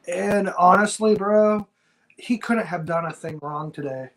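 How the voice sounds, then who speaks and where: A man's voice: sits high, measured pace, low-quality recording. A man co-hosting a wrestling review podcast, talking in an earnest, heartfelt, slangy casual chat. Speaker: wrestling show co-host.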